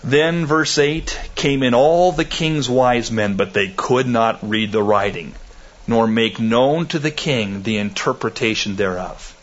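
A man preaching an expository sermon, with slow deliberate phrasing that rises to loud emphatic peaks. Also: mid-range voice, muffled recording.

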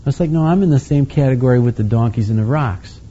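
A man's voice: mid-range voice, fast, warm tone, husky. A man preaching a conversational sermon in a casual, folksy way, with many asides and restarts. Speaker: pastor. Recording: slightly muffled lo-fi recording.

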